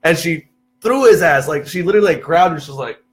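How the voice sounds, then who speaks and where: Speaking fast and on the high side, this young Texan guest on a podcast spins stories in loose, casual chat. He swears without hesitation, keeps things animated, and peppers his talk with "dude."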